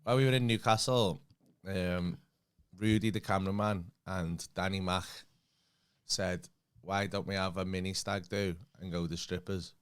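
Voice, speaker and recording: A man's voice: sits low, fairly even intonation, normal speed, clear, resonant tone. A man co-hosting a casual comedy podcast, trading sweary jokes and banter. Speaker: podcast co-host. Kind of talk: casual chat.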